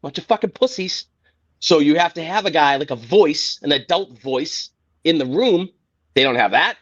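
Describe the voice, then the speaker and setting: A man's voice: fairly high pitch, lively intonation, moderate pace, fairly bright tone. A man hosting a sports podcast, ranting in a heated, profane, exasperated way. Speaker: podcast host. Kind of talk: casual sports rant. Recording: dull lo-fi podcast audio.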